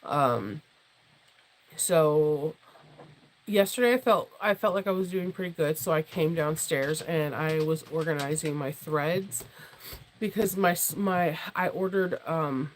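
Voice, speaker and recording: A woman hosting a casual sewing livestream from home. She is losing her voice, so it sits deeper and husky, and she chats in a rambling way, full of restarts and laughs. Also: measured pace, poor audio. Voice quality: low, husky tone she calls her jazz voice. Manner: rambling and chatty, with many restarts, fillers and laughs. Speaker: sewing channel host and sewing teacher. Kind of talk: casual livestream chat with viewers.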